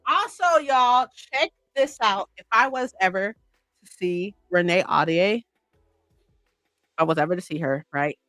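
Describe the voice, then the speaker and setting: Gushing woman with a bright, close voice. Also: medium pitch, animated, a little slow, no room sound, soft background music. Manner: gushing, rambling, many "like"s and "right?". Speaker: streamer. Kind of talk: casual livestream chat.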